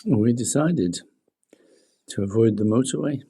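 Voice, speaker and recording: A man co-hosting a podcast, telling relaxed travel stories in casual chat with his partner. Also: medium pitch, measured pace, breathy edge. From Liverpool. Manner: relaxed anecdotal storytelling with frequent laughs. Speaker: podcast co-host.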